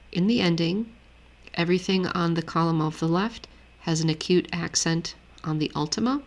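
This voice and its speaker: A woman teaching Greek grammar in a steady, methodical way, walking through a lesson on screen. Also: fairly low pitch. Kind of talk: screen-share lesson walkthrough.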